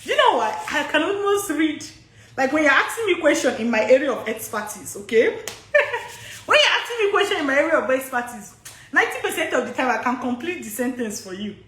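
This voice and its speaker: This high-voiced Nigerian woman fields study abroad questions live on social media, very animated and fairly quick, with a slightly bright sound. She's chatty, laughing a lot and restating what she's said, as the room echoes around her.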